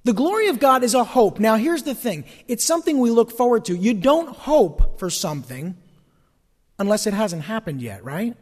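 Male pastor, high lively voice, church hall reverb, folksy preaching. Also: normal speed. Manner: animated preaching, folksy asides. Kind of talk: sermon.

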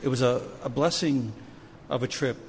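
A missions pastor, a man, tells a story from the pulpit with animated energy, now loud, now soft. His voice carries a long church-hall reverb. A faint hum of the room sits underneath. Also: mid-range voice, moderate pace. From New Jersey. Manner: animated storytelling with shifting loudness. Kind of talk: sermon story. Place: church sanctuary.

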